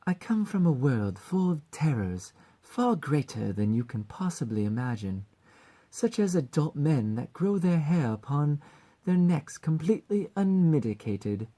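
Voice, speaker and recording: A theatrical succubus mascot in a put-on British accent, lofty and teasing, as a woman acts her out for an audition. The voice rides well above the reader's own, mellow and unhurried in its mockery. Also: deep voice, sing-song, voice pushed up, exaggerated voice. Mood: mock-grand. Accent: attempted British. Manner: grandiose mock-formal rant, coy teasing. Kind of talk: voice acting audition read.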